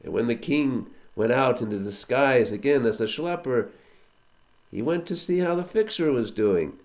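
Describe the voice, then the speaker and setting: A man's voice: on the low side, darkish tone. A man, a teacher, telling a story aloud to a children's class, conversational with asides to listeners.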